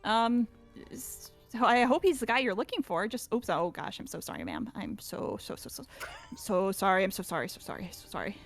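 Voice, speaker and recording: A woman's voice: a little high, expressive, normal speed, faint music behind. A woman voicing Gus, a nervous, eager male innkeeper who stammers and apologizes over and over. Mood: flustered.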